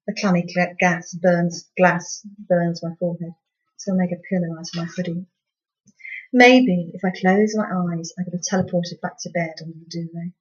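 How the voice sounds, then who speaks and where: A woman's voice: fairly low pitch, lo-fi sound. A woman reading her own novel aloud in first-person storybook narration, with a dry, wry tone.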